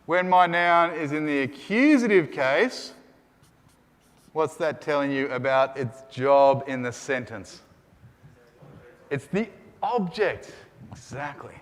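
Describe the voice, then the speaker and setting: A man's voice: fairly high pitch, slow pace, pauses often, in a large hall. A man teaching Greek grammar in a lecture, drilling his students with call and response. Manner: energetic, call-and-response drilling, rising to shouts. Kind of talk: classroom lecture. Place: lecture room.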